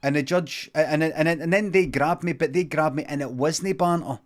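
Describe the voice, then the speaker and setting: A man with a Scottish accent improvising a comic story in a deadpan, rambling, sweary way. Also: a little high, moderate pace. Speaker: comedian streamer.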